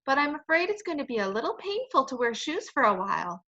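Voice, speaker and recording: A gentle, patient mother, read by a woman in a storybook, with a bright, fairly high voice that stays calm and soothing. The recording is dull and lo-fi. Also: quick pace, heavily acted.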